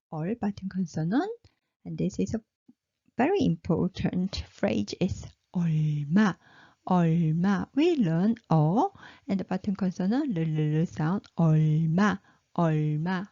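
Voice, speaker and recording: Speaking in a mid-range, mellow voice with a breathy edge, a Korean teacher drills pronunciation slowly: each syllable comes three times, followed by praise for her learners. The audio is lo-fi and slightly dull, with no room sound.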